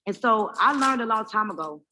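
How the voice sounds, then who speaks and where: A woman hosting a live motivational event, speaking in an animated, preacher-like way and calling out to the crowd for response. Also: on the high side, brisk, slight background noise. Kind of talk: lively stage talk with call and response. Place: live event in front of an audience.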